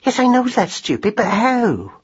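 A man's voice: extremely high pitch, normal speed, breathy edge, voice pushed up, heavily acted. A man voicing a timid, chattering mother mouse who talks ungrammatically, on a dull lo-fi recording. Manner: ungrammatical, excitable.

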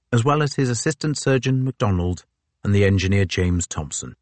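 A man reading a novel aloud as the narrator, in a measured, even storytelling manner on a close microphone. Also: on the low side, dry recording. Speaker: audiobook narrator. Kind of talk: scripted narration.

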